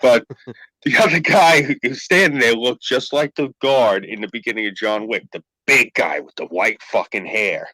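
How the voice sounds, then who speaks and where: A man's voice: medium pitch, moderate pace, no room sound, low-quality recording. A man hosting a podcast, telling a story in a casual, profane way. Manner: profane, animated anecdote-telling. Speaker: podcast host.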